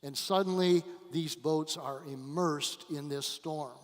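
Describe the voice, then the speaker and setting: A man preaching a sermon as a guest pastor, telling a story dramatically with long pauses and big swings between quiet and loud. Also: a little high. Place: church sanctuary. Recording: church hall with long reverb.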